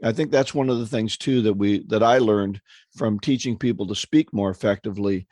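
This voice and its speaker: A man co-hosting a sales podcast in casual conversation, dropping wry jokes and quick asides. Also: on the low side, darkish tone, no echo, clean studio sound. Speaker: podcast co-host, speaking trainer.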